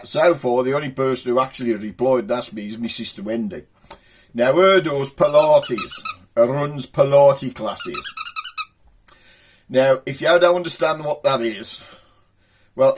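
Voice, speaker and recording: A man's voice: mid-range voice, wildly swooping pitch, moderate pace, a little hiss or hum. A man with a Black Country accent hosting a casual comic video, rambling through old local sayings and jokes. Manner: rambling, folksy joke-telling.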